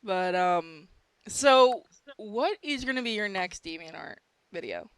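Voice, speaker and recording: A woman's voice: medium pitch, expressive, a little slow, a bit bright, smooth, dry recording. A woman chatting casually as a podcast host, blunt and crude with laughing asides.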